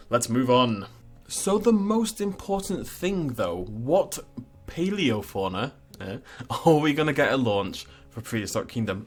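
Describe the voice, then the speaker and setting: Chatty man talking through game news. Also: medium pitch. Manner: chatty and rambling, with asides and chuckles. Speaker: gaming channel host. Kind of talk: casual video game news commentary.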